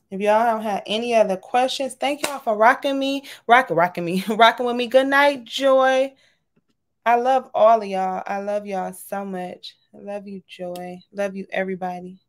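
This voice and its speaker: A woman, casually chatting and signing off from a livestream, talking affectionately to her viewers. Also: mid-range voice. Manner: warm, chatty, says y'all often. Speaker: livestream host. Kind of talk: casual livestream sign-off chat.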